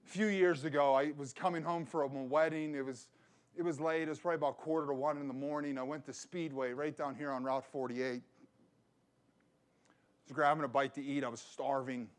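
Pastor guy preaching hard, voice a bit on the high side, keeps repeating stuff to drive it home. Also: fairly even intonation, a little fast. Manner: emphatic preaching with personal storytelling; repeats phrases for emphasis. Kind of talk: sermon.

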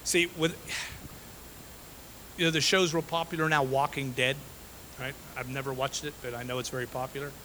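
A man's voice: mid-range voice, fairly even intonation, moderate pace, pauses often, sharp tone, a little hiss or hum, low-quality recording. Emphatic male pastor preaching. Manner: emphatic, repeats phrases, frequent "okay?" and "right?". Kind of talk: sermon.

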